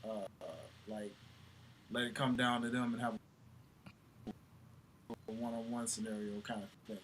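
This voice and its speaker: A man's voice: medium pitch, level tone, measured pace, fairly bright tone, a little hiss or hum. A man in a casual chat, laid back and trailing off into fillers.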